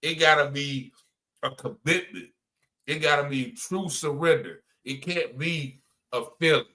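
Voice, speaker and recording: A man's voice: fairly high pitch, a little slow, pushed and bright. A man from North Carolina, giving a spoken religious testimony in a conversational way, often repeating himself and saying "you know" and "man.".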